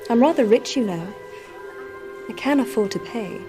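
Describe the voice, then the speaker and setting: A woman's voice: fairly high pitch, lively intonation, normal speed, over music, lightly acted. An actress playing a rich, headstrong young woman who talks boldly and expects to get her way, in a period film drama. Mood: imperious. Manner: bold and commanding. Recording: loud film score behind.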